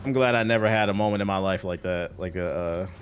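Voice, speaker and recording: A man's voice: sits low, fairly quick, a little hiss or hum. A man streaming a game and chatting casually with viewers in a joking, profane, rambling way. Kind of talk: casual chat while gaming.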